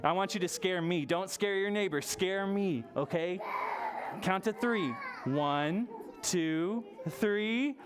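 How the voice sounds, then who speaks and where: A library storytime leader reading a picture book aloud to toddlers, playful and animated, with gasps and silly sounds. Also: mid-range voice, slow, noisy background. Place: public library storytime session.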